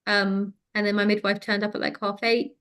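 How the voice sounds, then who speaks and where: A woman telling a personal story in conversation, frank and lively, with many fillers. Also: mid-range voice, normal speed. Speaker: interview guest.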